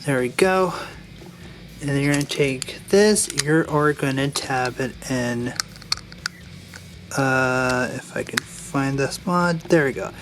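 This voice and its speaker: A man's voice: medium pitch, slow pace, noisy background. Rambling young-sounding man explaining a build. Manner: rambling, digressive, restarts sentences. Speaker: Lego build reviewer. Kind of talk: casual build tutorial with rambling personal story.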